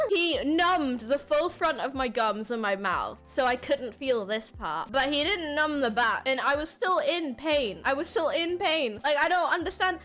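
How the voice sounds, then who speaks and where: A young woman streamer telling a story casually, animated and swearing, laughing often. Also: sits high, normal speed, few pauses, faint music behind.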